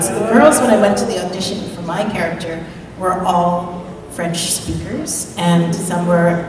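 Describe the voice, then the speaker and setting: A woman voice actor telling a lively, chatty story on a convention panel, laughing often. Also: fairly low pitch. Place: large convention hall with audience. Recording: echoey hall from far off with crowd.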